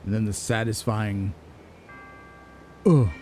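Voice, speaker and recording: A man giving relaxed, musing commentary as he plays a video game, chuckling at himself now and then. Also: on the low side, slow, soft background music. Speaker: let's play gamer. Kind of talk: casual gameplay commentary.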